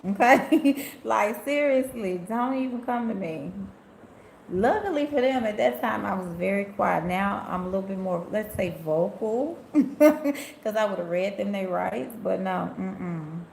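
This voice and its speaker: Sassy woman with a gravelly voice. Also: medium pitch, a little slow, darkish tone, a little hiss or hum. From Memphis, USA. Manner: sassy, chatty storyteller who laughs often and talks straight to her viewers. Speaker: tarot reader and spiritual healer hosting a live stream. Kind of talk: casual live-stream chat, reading viewer comments. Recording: echoey room.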